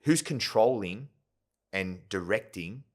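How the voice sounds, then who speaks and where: Guest spot: man, low voice, rambling storyteller, keeps checking in with the listener. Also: animated, takes it slowly. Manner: rambling, full of "yeah?" and "right?" tags. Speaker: podcast guest, company founder. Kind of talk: casual storytelling interview.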